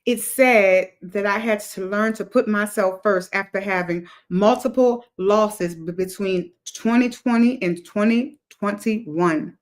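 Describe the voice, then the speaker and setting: A woman's voice: medium pitch, measured pace, hardly any pauses. A woman hosting a motivational livestream, talking to her chat in an emphatic, repetitive cadence like a preacher. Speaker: livestream host.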